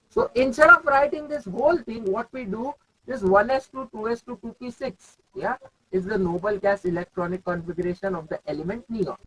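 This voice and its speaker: A man's voice: sits high, bright, forceful tone, breathy edge, rough recording. A young man with an Indian English accent teaching chemistry in a live online class, calling on students by name and repeating his questions.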